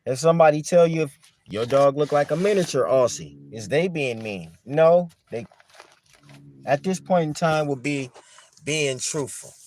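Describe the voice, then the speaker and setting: A man's voice: a little high, expressive, moderate pace, a little mellow, slight background noise. A man speaking, talking conversationally, asking rhetorical questions and repeating his points. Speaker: dog breeder talking to camera. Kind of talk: casual monologue.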